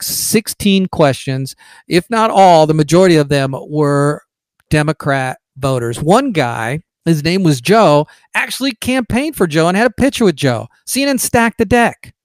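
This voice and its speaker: A man hosts his own political talk podcast, pressing his points with emphatic, mocking conviction. His voice sits a little high for a man. The sound is dry and close, with no room around it. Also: dry recording. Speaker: podcast host.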